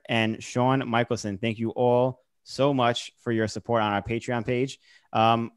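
A man hosting a podcast, chatting casually and reading out announcements and shout-outs. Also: medium pitch, no room sound, clean studio sound. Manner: friendly, reads shout-outs. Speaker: podcast host.

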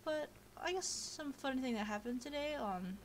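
Commenting on a video game playthrough, a young woman speaks in an animated, high-sitting voice at a moderate pace. Her home computer mic picks up slight background noise, and her chatty talk wanders easily, packed with fillers.

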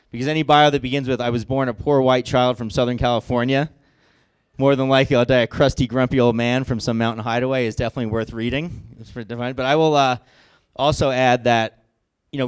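A man's voice: medium pitch, clear, resonant tone. Upbeat man introducing a speaker. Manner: upbeat, loose, with many fillers. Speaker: conference host and moderator. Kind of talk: event introduction. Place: conference stage.

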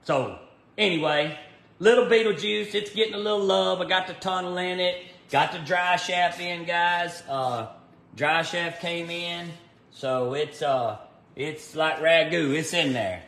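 A man's voice: on the high side, a little slow, creaky, a bit bright. Easygoing man in an echoey shop. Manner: rambling and easygoing, full of fillers, greeting viewers by name. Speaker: race car builder livestreaming from his shop. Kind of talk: casual livestream chat. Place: garage workshop.

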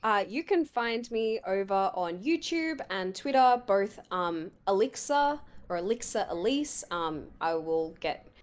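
A woman guest talks games over an online call, chatty but hesitant, with plenty of fillers. Her voice is getting hoarse. It sits at an average pitch for a woman. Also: expressive, measured pace, few pauses. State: losing her voice. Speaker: guest gamer. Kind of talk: casual chat.

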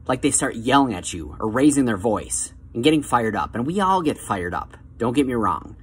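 A man giving calm, coaxing motivational advice straight to the viewer, slowing down on key phrases. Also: medium pitch, husky. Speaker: self-help vlogger.

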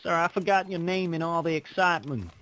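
Brief: man doing a slow, drawling cult recruiter, fairly high voice, game role-play, faint hiss. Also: sharp tone. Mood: creepy. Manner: slow, drawling, probing questions. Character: creepy male cult preacher of the light.

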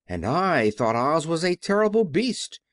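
A man's voice: on the high side, very animated, a little slow, no echo, clean studio sound, pitched above the performer's own voice. Brief: tin woodman, firm storybook voice, male narrator. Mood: earnest. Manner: earnest, forceful. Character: tin woodman, earnest and quick to anger.

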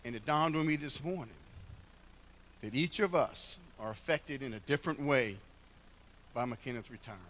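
A man's voice: medium pitch, moderate pace, pauses often, a bit bright. An older man giving a heartfelt church address, telling folksy stories with humor. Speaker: church member speaking at a retirement celebration.

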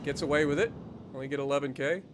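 A man's voice: on the high side, fast, background noise. A man streaming a naval battle game live, ranting with heavy swearing and dry sarcasm about his bad luck. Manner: profane, exasperated ranting with sarcasm. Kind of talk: live gameplay commentary.

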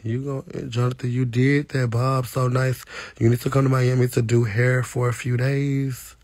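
A man hosting a casual live stream. He talks in a sassy, animated way to his viewers, laughs often, and speaks into a phone mic. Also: mid-range voice, normal speed, no room sound. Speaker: livestream host.

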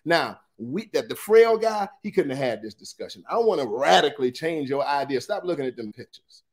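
A man's voice: on the high side, animated, fairly quick. Man teaching scripture with dramatic swings. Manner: dramatic scripture reading, shifts loudness and pace widely; colloquial, conversational asides. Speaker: Bible study teacher. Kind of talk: preaching Bible study.

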